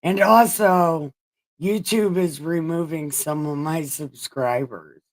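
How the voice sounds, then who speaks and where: A woman's voice: on the low side, lively intonation, slow. A woman hosting a casual livestream Bible reading, swearing and laughing as she chats with her viewers. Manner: crude, swearing, laughing asides, chatting to viewers. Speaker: livestream host.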